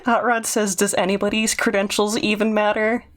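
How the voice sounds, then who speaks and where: A woman chatting casually on a stream who reacts quickly and laughs often. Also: mid-range voice, level tone, slight background noise. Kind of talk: casual chat.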